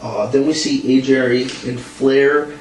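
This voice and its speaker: A man's voice: medium pitch, steady tone, slow pace, a little mellow. Young guy ranting, distant echoey mic. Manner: blunt, ranting, laughs often. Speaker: podcast co-host. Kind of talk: casual wrestling recap chat. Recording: echoey room, distant mic, faint hum.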